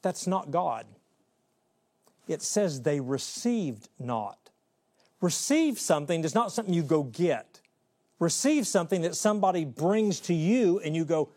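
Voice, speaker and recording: A man preaching a sermon in an animated way, acting out voices and quoting scripture. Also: on the high side, a little slow. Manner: animated, acts out voices and quotes.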